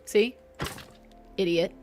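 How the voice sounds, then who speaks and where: A woman's voice: extremely slow, a little mellow, faint music behind. A woman streaming a game, chatting playfully with her viewers and herself. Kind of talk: casual live-stream chat while gaming.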